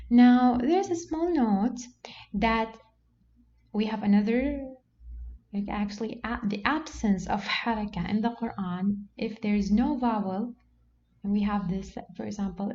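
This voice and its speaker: A woman teaching a Quran reading lesson, patient and explanatory, who often says okay and slows down to model words. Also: medium pitch, dark tone. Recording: dull lo-fi sound with faint background noise.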